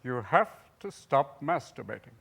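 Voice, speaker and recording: A man imitating an older male newsman telling a crusty joke with a dry, measured delivery. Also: medium pitch, sing-song, gravelly, fairly bright tone, husky, exaggerated voice. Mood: deadpan. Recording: noisy studio with audience.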